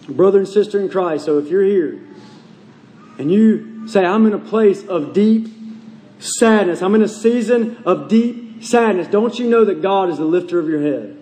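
A male pastor preaching a sermon earnestly, slowing and dropping low on key phrases. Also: animated, dark tone, long reverb tail.

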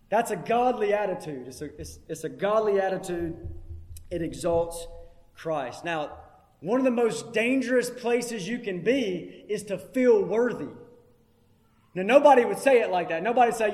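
A man's voice: sits high, expressive, normal speed. A man preaching a sermon, emphatic and repeating key phrases for weight. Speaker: pastor. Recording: long hall reverb.

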